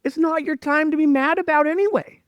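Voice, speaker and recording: A man voicing God as a gentle, patient male voice, calm and reassuring, within his sermon storytelling. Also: extremely high pitch, a little fast, dry recording, pitched above the performer's own voice. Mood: gentle reassurance.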